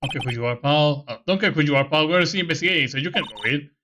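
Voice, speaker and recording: A woman voicing a clumsy, gruff male police detective in a let's-play of a game. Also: deep voice, expressive, rapid-fire, fairly bright tone, slight background noise. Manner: gruff, blustering.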